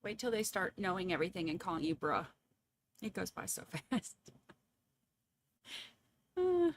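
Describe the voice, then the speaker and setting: A woman's voice: fairly low pitch, very animated, measured pace, slight background noise. A woman, chatting casually and laughing as she reads viewer comments at home. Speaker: livestream host.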